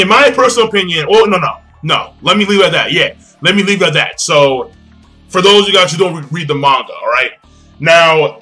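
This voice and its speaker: A man giving a casual, excited anime episode review, full of slang, swearing and repeated phrases. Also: high voice.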